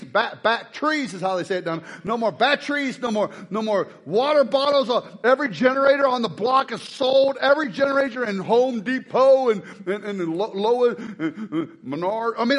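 A man preaching a lively sermon to a congregation, joking and rousing the crowd. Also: very high voice, moderate pace, hardly any pauses. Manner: joking, energetic, shouts to rouse the crowd. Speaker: pastor.

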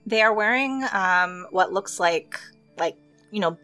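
A woman's voice: medium pitch, unhurried, sharp tone, faint music behind. A woman narrating as game master of a tabletop role-playing game, describing scenes with frequent hesitations and fillers.

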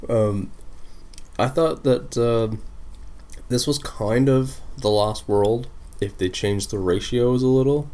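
A man's voice: on the low side, a little mellow. A man co-hosting a casual review chat, rambling with lots of fillers and the odd swear. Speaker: podcast co-host.

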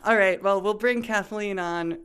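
A woman's voice: mid-range voice, moderate pace, a bit bright, smooth. A woman co-hosting a podcast, speaking in a wry, self-deprecating way. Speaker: podcast co-host. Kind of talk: podcast chat.

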